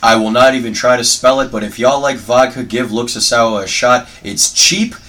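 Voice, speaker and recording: A man's voice: mid-range voice, fairly even intonation, normal speed, fairly bright tone, slight background noise. A man co-hosting a podcast, making dry, profane jokes in casual banter. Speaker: podcast co-host.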